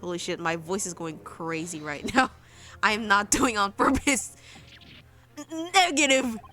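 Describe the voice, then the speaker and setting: A woman's voice: on the low side, expressive, normal speed, bright, forceful tone, soft background music. A woman streaming a game, chatting casually, swearing freely and laughing often. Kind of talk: casual gameplay commentary.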